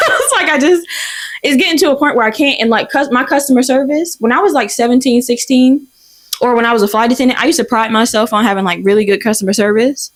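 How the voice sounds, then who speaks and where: A young woman in her twenties hosting a podcast, telling a story in a profane, exasperated, animated way. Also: a little high, fast. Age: 20s. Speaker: podcast host. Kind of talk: casual storytelling rant.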